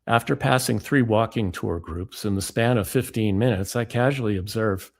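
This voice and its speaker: A man giving a lecture as author and speaker, reading book excerpts in a measured, deliberate way. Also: fairly low pitch, creaky, a little mellow.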